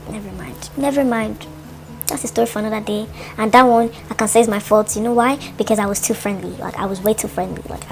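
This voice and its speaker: Animated woman telling a story. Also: a little high. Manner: animated storytelling, lots of "like", dramatizes her thoughts. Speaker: vlogger. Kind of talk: storytime vlog.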